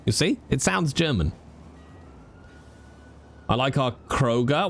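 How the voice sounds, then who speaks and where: A British man chatting casually with viewers during a game stream. He jokes around a lot, and his pitch moves up and down freely. His voice sits at a middle pitch for a man. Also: lively intonation, a little slow, vocal fry, soft background music. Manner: chatty, joking.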